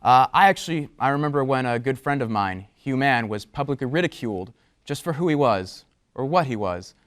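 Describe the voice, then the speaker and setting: A man's voice: medium pitch, animated, fairly quick, a bit bright. A man hosting a comedic talk show, announcing guests like a showman and getting sarcastic.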